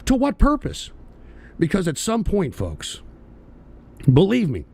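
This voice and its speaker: A man's voice: high-pitched, wildly swooping pitch, takes it slowly, vocal fry, darkish tone, slightly rough. A male talk radio host ranting about politics, profane, heated and emphatic.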